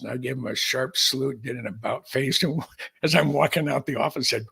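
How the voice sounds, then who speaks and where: A man's voice: mid-range voice, normal speed, gravelly, pushed and bright, husky. An older man, a podcast guest, telling a long story in a folksy, rambling way with many restarts. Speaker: podcast guest, aviation historian. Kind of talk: storytelling in casual conversation.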